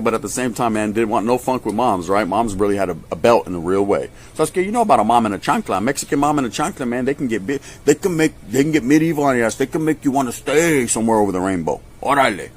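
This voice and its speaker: A man tells a story from his past in casual slang, swearing often and acting out other people's voices. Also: mid-range voice. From California. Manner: animated, acts out voices, swears a lot.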